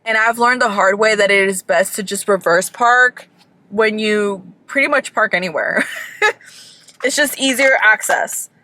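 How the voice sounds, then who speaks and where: A young woman from Georgia, chatting casually in a storytime vlog, animated and swearing freely. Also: medium pitch, measured pace. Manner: animated, swearing, acts out people in bursts. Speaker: vlogger.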